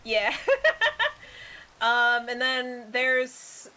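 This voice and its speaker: Higher-pitched woman, giggly co-streamer explaining in easy chat. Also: flat delivery, extremely slow, bright, forceful tone. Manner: laughs often while explaining. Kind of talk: casual chat.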